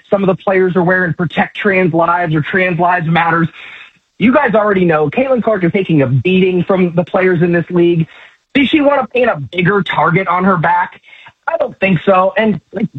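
A man's voice: sits high, breathy edge, no echo. A man calling in as a guest commentator, talking emphatically and sarcastically in a fired-up opinion rant. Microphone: phone line. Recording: tinny phone line, dry.

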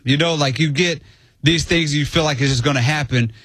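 A man's voice: a little high, fast, fairly bright tone, no room sound. A man co-hosting a sports radio show, talking casually and repeating himself as he goes. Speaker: radio co-host.

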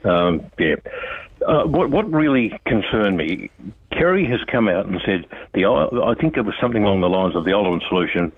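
Australian man, very low husky voice, blunt and forceful, tinny phone line. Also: very animated, moderate pace, dry recording. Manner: blunt, forceful, repeats himself. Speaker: guest on radio phone-in. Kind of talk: casual radio chat.

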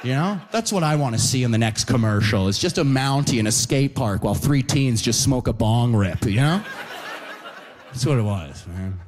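A man performing stand-up comedy in an animated storytelling manner. He tags nearly every line with "right?" or "you know?" as he talks to the crowd. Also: mid-range voice, moderate pace.

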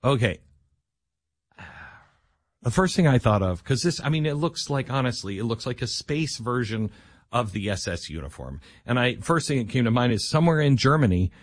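A man's voice: medium pitch, animated, moderate pace, no echo. A man hosting a casual, sarcastic commentary monologue, rambling with restarts while at his computer. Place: dry room at his computer.

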